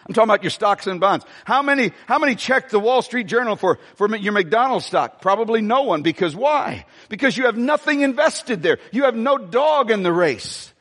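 An older man preaching a sermon as pastor, emphatic and folksy, with sudden swings in pitch. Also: a bit bright, in a large hall. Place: church sanctuary.

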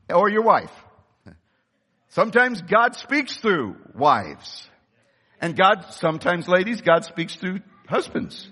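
High, fiery preacher man in a hall. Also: breathy edge. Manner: impassioned preaching, rising to shouts. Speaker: pastor. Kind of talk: sermon. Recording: long reverb of a large hall.

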